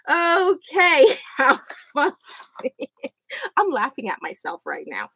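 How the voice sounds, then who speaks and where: A woman's voice: high voice, very animated, slow, a bit bright, no room sound. A woman hosting a live crafting tutorial from home, chatty and often laughing at herself. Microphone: USB desk microphone.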